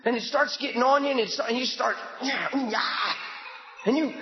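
High-voiced fervent male preacher in echoey church. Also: normal speed, a crowd in the background. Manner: fervent, shouting bursts. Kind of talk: sermon. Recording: echoey church hall, dull lo-fi.

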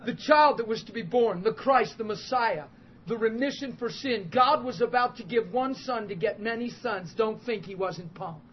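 High-pitched guy preaching a sermon, fired up storytelling, laughs a lot, dull muffled sound. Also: normal speed. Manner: emphatic and animated, building to loud outbursts. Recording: muffled with faint background hiss.

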